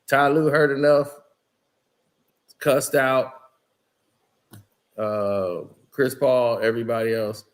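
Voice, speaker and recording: A man hosts his own basketball channel and tells a locker-room story in a loose, casual monologue. His delivery is slangy and emphatic, and he slips into the voices of the people he quotes. His voice sits at an ordinary middle pitch. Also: slow pace, long pauses. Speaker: basketball commentator channel host.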